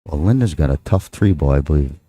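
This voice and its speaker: A man's voice: very deep voice, lively intonation, fast, warm tone. A man with a Texan accent calling a live pool match, rambling and joking with his co-host between shots. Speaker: pool commentator. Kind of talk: live play-by-play commentary.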